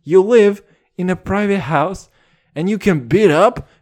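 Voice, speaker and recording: A man's voice: high-pitched, unhurried. A man from Russia delivering a rambling, profane comedic rant, riffing on tangents and calling the listener dude. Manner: animated, calls the listener dude.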